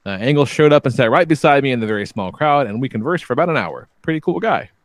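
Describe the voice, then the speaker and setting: A man's voice: mid-range voice, lively intonation, fast, dry recording, studio quality. A man co-hosting a podcast, reading out listener stories in a laid-back, swearing, casual chat. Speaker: podcast co-host.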